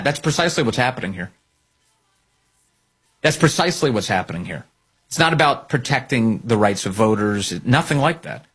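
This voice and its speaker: Husky, emphatic male political commentator. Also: on the high side, fairly bright tone. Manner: sarcastic, emphatic, mocking. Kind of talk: opinion monologue.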